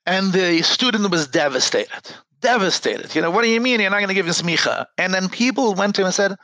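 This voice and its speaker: A man's voice: high voice, animated, brisk, few pauses, sharp tone, dry recording, low-quality recording. A man speaking as a rabbi in an earnest panel discussion, often repeating words as he starts a sentence. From United States.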